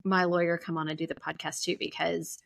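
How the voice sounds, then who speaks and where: A woman's voice: lowish voice, flat delivery, fairly quick, creaky. A woman hosting a podcast who chats in a friendly, affirming way, often backing up her guest with "yeah" and "mm-hmm". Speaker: podcast host. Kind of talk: casual podcast conversation.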